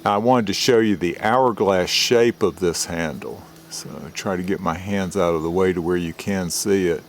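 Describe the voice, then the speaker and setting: An older man with a low voice walks through a knife review in a plain, methodical way. He is recorded outdoors on a camera mic, with a faint outdoor hiss underneath. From United States. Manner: plain, methodical, explains details slowly. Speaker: retired forester reviewing knives. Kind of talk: show-and-tell knife review.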